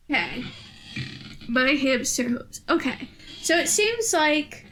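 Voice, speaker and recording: A woman streams a game and chats casually, slipping into gushing baby-talk and frequent laughter. Her voice sits high and she drags her words out very slowly. Faint game music plays behind her. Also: animated, a bit bright.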